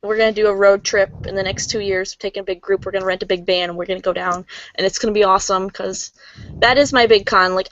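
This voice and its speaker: A woman's voice: mid-range voice, fairly bright tone. A woman guest being interviewed in a casual chat, cheerful and laughing often. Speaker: guest cosplayer. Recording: muffled lo-fi dry sound.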